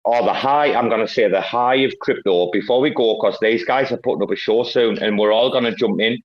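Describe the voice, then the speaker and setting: Man, host, rambling, profane, lowish voice, lo-fi audio. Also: brisk. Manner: boisterous, rambling, heavy swearing. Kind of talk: casual online audio chat.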